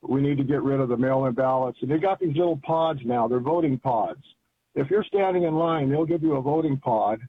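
A man's voice: medium pitch, a little fast, slight background noise. Older male caller on a tinny phone line. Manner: rambling, enthusiastic, colloquial. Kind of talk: phone-in chat.

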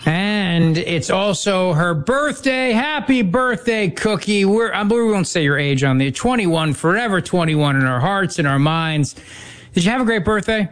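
Co-host man, slightly high voice, sarcastic banter. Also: lively intonation, unhurried, fairly bright tone. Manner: teasing, dry sarcastic quips. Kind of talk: casual chat.

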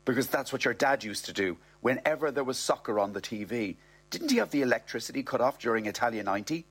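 A man's voice: medium pitch, expressive, fast, fairly bright tone, slightly rough. A man voicing an exasperated young wife who chides and coaxes. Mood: chiding. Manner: chiding, coaxing.

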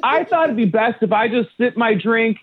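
Animated man on a tinny phone line. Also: extremely high pitch, moderate pace, breathy edge. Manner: animated storytelling, exasperated. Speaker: caller. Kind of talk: radio call-in chat.

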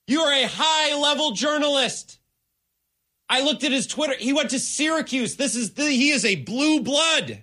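A man's voice: very high-pitched, lively intonation, normal speed, pushed and bright, no room sound. A man hosting a sports talk radio show, ranting emphatically with mock exasperation. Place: radio studio.

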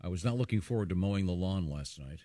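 Radio host, male, very lively pitch, dry close studio sound, reads letters with mock outrage. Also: fast, dry recording. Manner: reads listener letters aloud, mock-indignant. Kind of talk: casual comedic radio banter.

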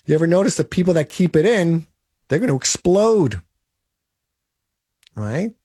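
A man's voice: fairly high pitch, big pitch swings, a little slow, dark tone, breathy edge, no room sound, studio quality. A man in his late forties delivering a blunt, motivational monologue full of rhetorical "right?"s. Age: 40s. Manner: emphatic, blunt and pep-talking, with rhetorical "right?".

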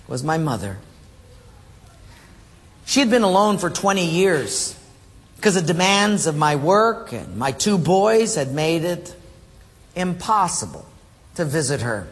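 High-voiced preacher man in reverberant hall. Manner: animated storytelling, acts out voices, drops low for emphasis. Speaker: pastor. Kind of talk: sermon. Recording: hall reverb, faint room noise.

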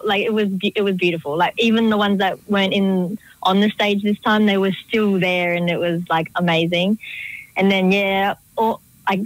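A young female choreographer chats in a casual radio interview, rambling and peppering her speech with "like." Her voice is medium-pitched, and the recording is dry and rough.

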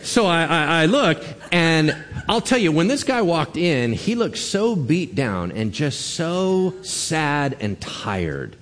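A man's voice: a little high, slow, in a large hall. A man preaching a sermon as pastor, telling stories animatedly and acting out the lines people said. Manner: animated storytelling, acting out quotes.

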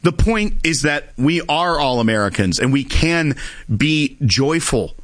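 A man hosting a call-in radio talk show, talking briskly and conversationally, and reading headlines aloud to his listeners. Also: fairly high pitch, expressive, a bit bright, no echo.

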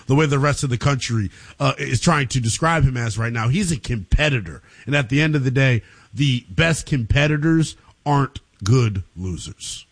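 A man's voice: mid-range voice, normal speed, no room sound. A man hosting a sports talk radio show, easygoing and laughing along with his guest.

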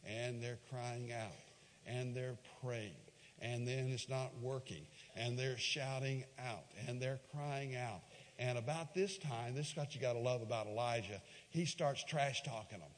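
A man preaching a sermon and retelling a Bible story, swinging from loud emphatic peaks to quiet low asides. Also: moderate pace. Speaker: pastor. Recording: long hall reverb.

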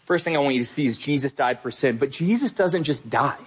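A man's voice: mid-range voice, expressive, brisk, slightly rough. A young adult man preaching a sermon as pastor, earnest and emphatic, speaking straight to his listeners.

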